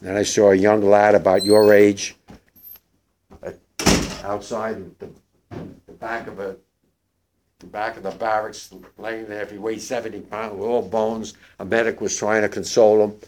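An older man, a war veteran, gives spoken testimony to young listeners, halting and emotional with many restarts. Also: on the low side, flat delivery, darkish tone, slight background noise.

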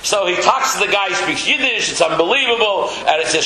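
A man's voice: high-pitched, expressive, fast talker, hardly any pauses, sharp tone. A man, a rabbi, giving a chatty sermon full of stories and Yiddish words, joking with his congregation. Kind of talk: sermon with storytelling. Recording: roomy echo.

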